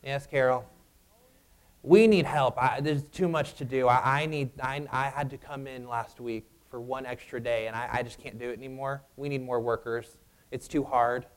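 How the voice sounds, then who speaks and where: A man's voice: mid-range voice, fairly even intonation, normal speed, clean tone, natural voice. A man voicing a lazy, complaining older woman coworker who stammers. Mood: whiny.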